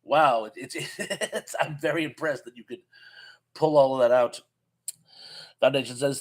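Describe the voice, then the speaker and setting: A man's voice: mid-range voice, fairly even intonation, moderate pace, rough recording. Rambling man hosting a live chat. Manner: chatty, rambling, frequent restarts and chuckles. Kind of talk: casual live chat reading viewer comments.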